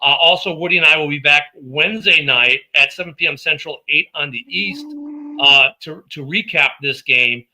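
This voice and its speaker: A man hosting a sports podcast in a loose, joking way. His voice is very bright and sits a little high. He keeps things upbeat while plugging the show. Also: moderate pace, rough recording. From Minnesota. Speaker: podcast host. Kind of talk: casual sports chat.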